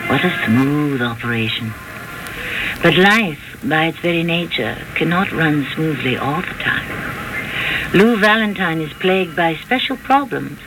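A man narrating a crime story in a measured, wry storytelling voice. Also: a little high, background noise. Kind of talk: scripted dramatic narration.

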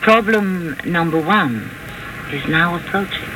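A man hosting and narrating a radio mystery drama in a measured storytelling manner. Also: a little high, expressive, noisy background.

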